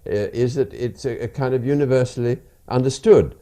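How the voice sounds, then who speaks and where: A man's voice: medium pitch, fairly quick, mellow. An older man from England chatting as a guest in a radio interview, often hesitating and repeating words.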